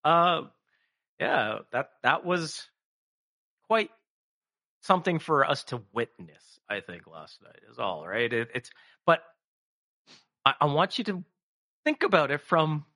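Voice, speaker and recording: A man talks casually in a comedy chat, rambling from point to point. His voice is bright and forward, and his pitch jumps around animatedly. He swears freely and slips into little acted-out voices. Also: very animated, measured pace, pauses often. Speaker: podcast co-host.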